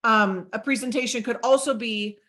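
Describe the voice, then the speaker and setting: A middle-aged woman giving an energetic sales training talk to a group, coaching them and acting out sample chats. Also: a little high, moderate pace.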